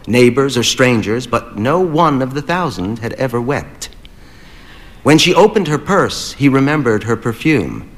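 Male audiobook narrator; measured, even, mid-range voice. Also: medium pitch.

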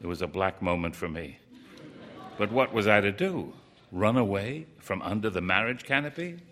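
A man's voice: lowish voice, animated, normal speed, fairly bright tone. A man reading a first-person story aloud in a plain, wry, rueful storytelling manner.

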